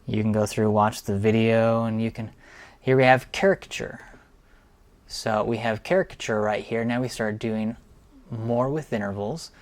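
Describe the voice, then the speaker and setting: A man's voice: on the low side, fairly even intonation, moderate pace. A middle-aged man, a piano teacher, walks through a series of beginner pieces in an enthusiastic, explanatory way. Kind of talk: instructional walkthrough.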